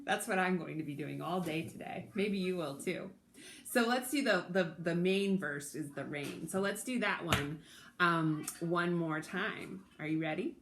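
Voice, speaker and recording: Gentle sing-song storytime woman. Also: fairly low pitch, measured pace, slight background noise. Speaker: children's storytime host. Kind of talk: leading a children's sing-along. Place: at home. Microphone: recording alone to camera.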